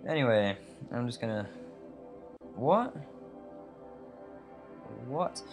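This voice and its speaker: A man's voice: mid-range voice, sing-song, very slow, soft background music. A man with an English accent tinged with American, rambling chattily through a gameplay commentary voiceover with many fillers and tangents. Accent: English, slightly American. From England. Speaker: let's play host.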